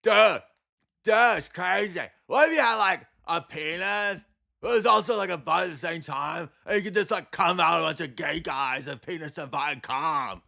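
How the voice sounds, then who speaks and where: A man voicing a dopey, crude, slow-witted male jokester in a mocking, drawn-out sing-song. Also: a little high, vocal fry, bright, forceful tone, voice pushed up.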